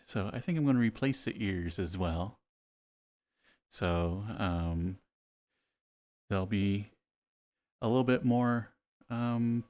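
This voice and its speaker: A man chatting casually on a live stream, playful and relaxed, laughing often. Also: fairly low pitch. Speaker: VRChat streamer.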